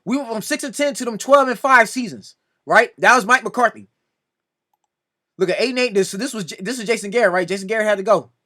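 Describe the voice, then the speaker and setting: A man's voice: sits high, quick pace, pushed and bright. A man hosting a sports reaction video, talking casually and sounding exasperated as he argues with another commentator, pleading over and over. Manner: exasperated, repeatedly pleading "come on now"; addresses another commentator directly.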